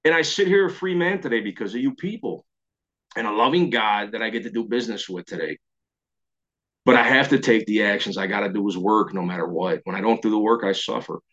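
A man's voice: on the low side, a little fast, fairly bright tone. A middle-aged man from New York shares his recovery story over a video call. He acts out his old thoughts and chuckles at himself as he goes. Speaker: recovery meeting speaker. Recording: slightly dull video-call audio.

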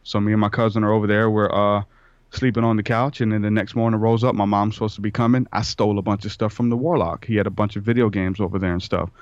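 A podcast guest tells a meandering personal story in a relaxed way, voicing the dialogue himself. He speaks fast in a lowish, level voice that is clear and resonant, with no room sound, though the recording has a dull lo-fi quality.

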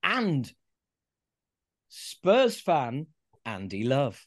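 A man's voice: medium pitch, huge pitch swings, extremely slow. A man hosting a football podcast in casual chat, with sweary, self-mocking humour. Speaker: podcast host.

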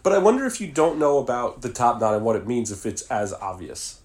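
A man co-hosting a casual film podcast, relaxed, recapping the plot with some halting restarts. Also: mid-range voice. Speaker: podcast co-host.

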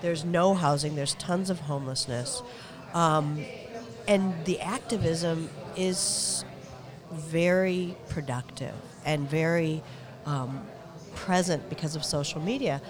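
A middle-aged woman with a slightly low voice hosts a relaxed talk show, earnest and laughing easily. A crowd hums loudly in the background. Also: slow. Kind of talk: casual chat. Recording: lively crowd noise behind.

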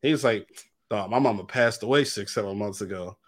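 A man's voice: fairly low pitch, brisk, a crowd in the background. A young man co-hosting a podcast, telling a long story in casual chat, acting out quotes with heavy slang and lots of fillers. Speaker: podcast co-host.

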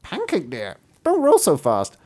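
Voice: medium pitch, huge pitch swings, a little slow, warm tone. A storyteller voicing a hungry hen who sweetly asks the pancake to stop so she can eat it. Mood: wheedling.

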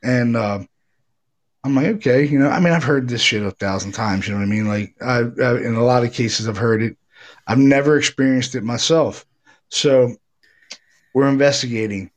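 A man's voice: mid-range voice, moderate pace. A middle-aged man, a paranormal investigator, telling a ghost story in a casual, rambling way, swearing freely and acting out what people said. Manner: rambling, profane, animated retelling with acted quotes.

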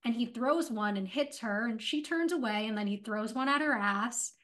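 A woman with a fairly high voice co-hosts a casual podcast. She retells a TV scene line by line in lively paraphrase, slipping into "he's like, she's like" as she goes. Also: moderate pace. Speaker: podcast co-host. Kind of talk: casual TV episode recap chat.

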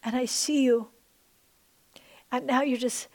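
A woman's voice: high voice, fairly even intonation, slow, a little mellow. Fervent woman pastor leading prayer. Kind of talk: sermon prayer ministry.

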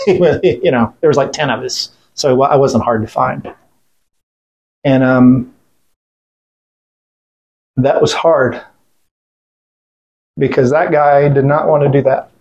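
A man's voice: mid-range voice, fairly even intonation, takes it slowly, long pauses, a little mellow, highs cut off. Blunt man telling a war story. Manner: blunt, profane, retells events by quoting others; rambling with restarts and fillers. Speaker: interview guest, military veteran. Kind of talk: casual storytelling in conversation.

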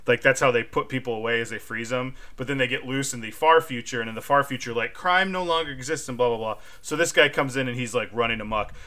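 A man co-hosts a podcast, chatting casually and animatedly, with plenty of filler "likes" and laughter. His mid-range voice is fast, pushed and bright, with few pauses.

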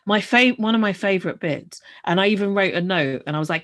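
A woman's voice: mid-range voice, brisk, hardly any pauses, fairly bright tone. A woman co-hosting a podcast, chatting casually and animatedly about a film, swearing freely and talking over her partner. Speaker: podcast co-host.

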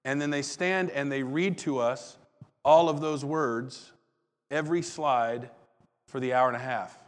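A man preaching a sermon as pastor, telling the story with lively swings between loud bursts and hushed lines. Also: mid-range voice, measured pace. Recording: long hall reverb.

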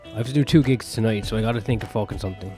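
A man's voice: on the low side, racing, mellow. Young man, podcast host, rambling, sweary, self-mocking, faint music behind. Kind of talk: solo rambling podcast monologue.

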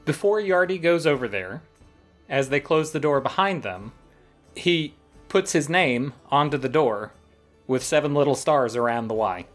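A man's voice: a little high, lively intonation, moderate pace, faint music behind. A man playing a tabletop game, steadily describing what his character does. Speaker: player.

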